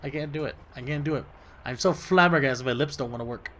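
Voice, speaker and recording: A man commenting as he plays a story game, jokey and excitable, often laughing at himself. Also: medium pitch, fast. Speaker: gameplay commentator. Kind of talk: let's play commentary.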